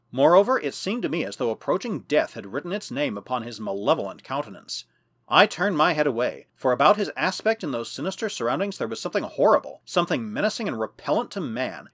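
A man narrating a first-person adventure novel as an audiobook, in a measured, expressive storytelling manner. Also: medium pitch, breathy edge.

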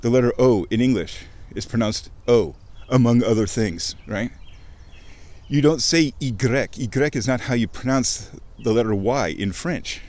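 A man recorded on a handheld mic as he walks outdoors beside a creek, chatting to the camera. He rambles, cuts himself off mid-thought and swears offhandedly. His voice sits at an ordinary middle pitch but swings up high when something delights him. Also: a little slow. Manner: excitable, self-interrupting, swears casually. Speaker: vlogger. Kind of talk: rambling casual monologue.

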